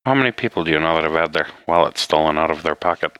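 A man's voice: rumbling low, lively intonation, very fast, a bit bright, clear, resonant tone, dry recording. A man playing a tabletop game, asking joking questions. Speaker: player.

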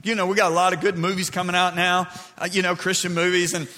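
A man preaching a sermon in a church, animated and building to shouts. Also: high voice, fast talker, in a large hall.

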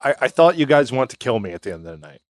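A man's voice: mid-range voice, very animated, racing, no room sound, clean studio sound. A man hosting a podcast outdoors, rambling in casual banter with many fillers. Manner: loose, rambling, with frequent "uh" fillers. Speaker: podcast host.

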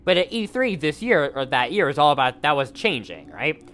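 A man telling a story in a casual podcast chat, rambling quickly with many restarts and fillers. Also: fairly high pitch, sing-song, fairly bright tone.

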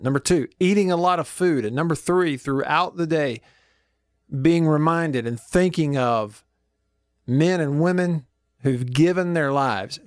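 Broadcasting from a studio, a middle-aged man runs a casual talk radio show, chatting in a folksy way and thinking aloud as he clicks around. His smooth voice sits a little high for a man, and the studio mic captures it close and dry, without room echo.

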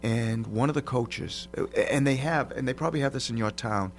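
A middle-aged man hosting a casual talk show, telling stories in a lively way. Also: medium pitch, fairly quick. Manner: lively storyteller, laughs while telling. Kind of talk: casual podcast chat.

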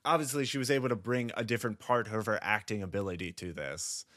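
Measured man in casual movie chat. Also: fairly low pitch, fairly bright tone, dry recording, studio quality. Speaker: podcast co-host.

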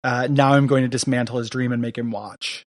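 A man's voice: mid-range voice, steady tone, fairly quick, no echo. Casual rambling man on a dry mic. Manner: rambling, many fillers, reads villain lines aloud. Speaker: podcast co-host. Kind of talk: casual comic book discussion.

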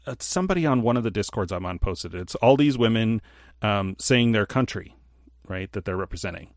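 Low-voiced man chatting casually, dry sound. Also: brisk, no room sound. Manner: rambling, animated storyteller with many fillers. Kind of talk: casual chat.

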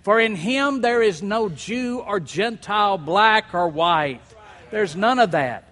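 A male pastor preaching a sermon to his church, emphatic and repeating key phrases, slowing down to stress words. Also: high-pitched, animated, fairly bright tone, in a large hall. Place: church sanctuary.

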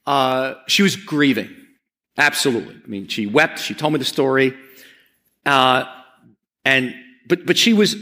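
A man's voice: mid-range voice, bright, forceful tone. A man preaching a conversational sermon as pastor, earnest and often repeating words as he presses a point.

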